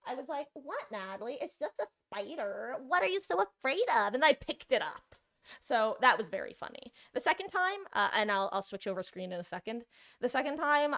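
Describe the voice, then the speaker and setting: A woman's voice: medium pitch, fairly bright tone. A young woman from New Jersey, a live streamer chatting casually and rambling to her viewers while she plays a game. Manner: chatty, rambling, greets viewers mid-story.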